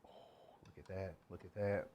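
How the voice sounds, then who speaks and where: A man's voice: deep voice, fairly even intonation, normal speed, mellow, slight background noise. Rambling man chatting while he cooks. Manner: rambling, talks to himself while cooking. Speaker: cooking streamer. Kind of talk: casual cooking stream chatter.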